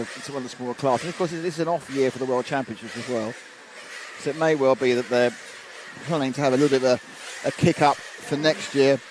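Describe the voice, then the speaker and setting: Chatty commentator over trackside engine noise. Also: male voice, medium pitch. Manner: chatty, reads out viewer messages with asides. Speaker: race commentator. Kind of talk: live race commentary. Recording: noisy trackside with engine sounds. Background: race car engines and ambience.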